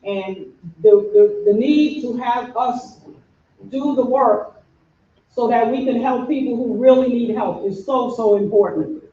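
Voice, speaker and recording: A woman from New York with a New York accent, an organization officer giving an earnest, measured address to a community audience. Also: on the high side, mellow, slight background noise. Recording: echoey, dull room recording from far off.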